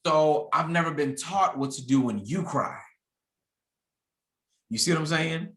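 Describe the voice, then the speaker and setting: A man's voice: on the high side, measured pace, fairly bright tone. Candid man in his thirties, echoey room. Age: 30s. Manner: candid, reflective, with many restarts. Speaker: podcast host. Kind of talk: casual conversation.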